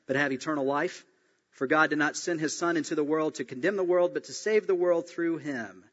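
Animated preacher man in a reverberant hall. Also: a little high. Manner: animated storytelling, acts out quoted voices. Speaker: pastor. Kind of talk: sermon. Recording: dull sound, long reverb in a hall.

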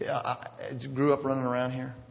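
A man preaching a sermon, animated and jokey, with sudden loud bursts. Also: medium pitch, normal speed, creaky, long reverb tail. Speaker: pastor.

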